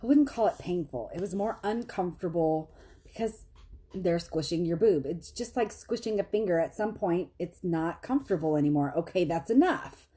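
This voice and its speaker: A chatty woman talks straight to her viewers. She laughs at herself as she tells a story. Her voice is low, dark and a little husky. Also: normal speed. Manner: chatty, self-deprecating, laughs often, quotes others in high voices. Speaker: vlogger.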